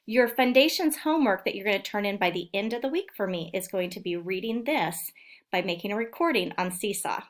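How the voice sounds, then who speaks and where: A woman teacher talks young children through a phonics lesson recorded for home learning. She speaks slowly and clearly and stretches out the sounds in each word. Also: mid-range voice, lively intonation. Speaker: elementary school teacher.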